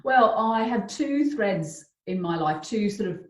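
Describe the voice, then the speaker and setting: A woman's voice: mid-range voice, animated, measured pace, reverberant. A middle-aged woman with a mild Australian accent, chatting casually on a video call as a guest, laughing easily and restarting her sentences. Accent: Australian, softened by years in southern England. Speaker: guest, therapist and painter.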